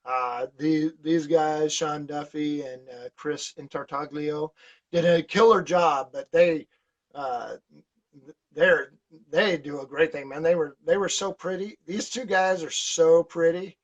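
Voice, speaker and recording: Rambling man with a higher voice. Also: slow pace. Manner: rambling, many fillers and restarts; animated, laughs while telling stories. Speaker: podcast guest, firefighter. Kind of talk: casual conversation. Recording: dull lo-fi podcast audio.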